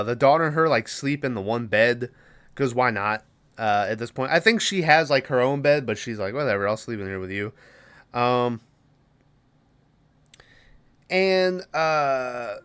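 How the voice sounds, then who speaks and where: Smooth-voiced man rambling through a movie recap. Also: mid-range voice, fairly bright tone. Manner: rambling, profane, lots of fillers. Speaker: podcast host.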